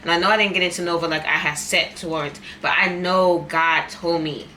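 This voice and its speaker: In this eating vlog, a young adult woman talks at a moderate pace in a lowish, pushed, bright voice with fairly even intonation. She's candid and repeats herself to drive points home, and there's a little hiss or hum.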